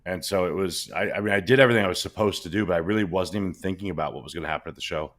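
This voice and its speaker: A man with a very deep voice chats casually as a podcast co-host. He speaks plainly and matter-of-factly when it is his turn. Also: very fast, fairly bright tone. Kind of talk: casual chat.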